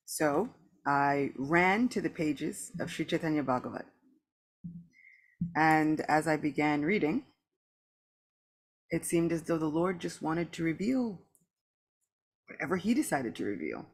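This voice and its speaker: A woman giving a morning scripture class in a temple, reading aloud and teaching in a slow, earnest, emphatic way. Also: low voice, poor audio. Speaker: class speaker. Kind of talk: scripture reading and devotional lecture.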